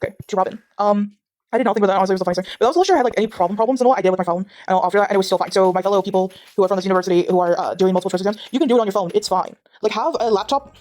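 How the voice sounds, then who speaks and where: A woman's voice: mid-range voice, very fast, a little mellow. A young woman from Durban with a South African accent, chatting over a video game at home and rambling with many restarts and fillers. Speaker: gaming vlogger. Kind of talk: casual chat over gameplay. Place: home, with her dog beside her.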